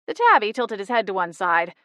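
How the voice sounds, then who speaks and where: A woman narrating a first-person cozy mystery audiobook in a wry, lively storytelling manner, on a close studio mic. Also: medium pitch, fairly quick, no echo.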